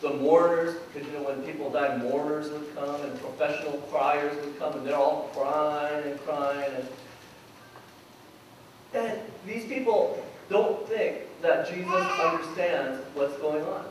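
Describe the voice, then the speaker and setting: A male pastor preaching to his congregation, voicing the people in the story as he tells it. His voice sits high, and he is picked up from a distance. The church hall gives a heavy echo with a faint hiss behind him. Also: fairly even intonation, unhurried. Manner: storytelling, acting out voices in quotes. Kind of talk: sermon. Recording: echoey hall from far off, faint noise.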